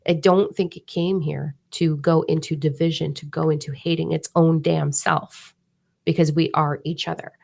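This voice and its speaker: A woman hosting a casual spiritual live stream, animated and swearing freely. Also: sits low, normal speed, gravelly. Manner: animated, swears freely, mock voices and whispers for effect.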